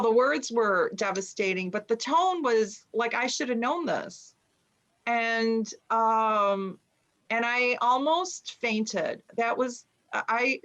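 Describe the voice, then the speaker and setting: A woman's voice: fairly high pitch, fairly bright tone. A middle-aged woman from the United States, an author and journalist, tells a personal story in conversation at home over a video call. She uses many fillers and acts out the people she quotes. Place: home room with bookshelves behind her. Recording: dull lo-fi sound.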